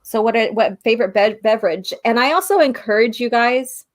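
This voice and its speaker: A woman hosting a relaxed live-stream chat, talking casually, laughing often and reading out viewer comments. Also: a little high, fairly quick. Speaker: host.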